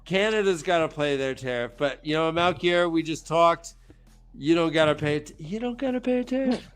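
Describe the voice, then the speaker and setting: A man's voice: a little high, lively intonation, moderate pace, fairly bright tone, clean tone, faint music behind. A man doing a brash deal-making border official.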